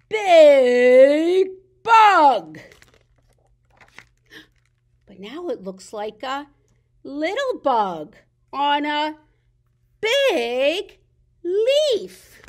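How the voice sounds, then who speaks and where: Female children's librarian for baby storytime: high, sing-song, slow and coaxing. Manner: sing-song, playful, coaxing little listeners. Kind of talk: baby storytime reading aloud.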